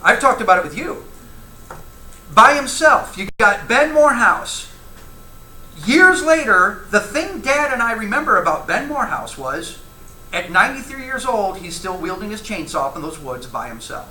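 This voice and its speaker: Lively, bright-voiced man teaching Bible class. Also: high-pitched, normal speed, slight background noise. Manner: conversational, asks the class questions, reads scripture aloud. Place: church classroom. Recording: echoey room, faint ambience.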